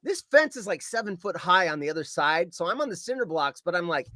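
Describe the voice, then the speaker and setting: Very animated and fairly quick, a man with a fairly high, swooping voice spins a story full of energy. He shouts the lines he quotes himself saying and swears while acting them out, in a dry, close recording with no echo.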